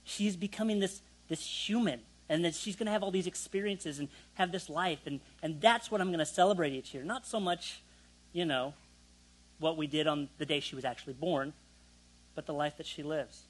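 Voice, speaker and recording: A man's voice: on the high side, normal speed, poor audio. A young man preaching a sermon in a conversational way, with self-deprecating asides to the congregation. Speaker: pastor.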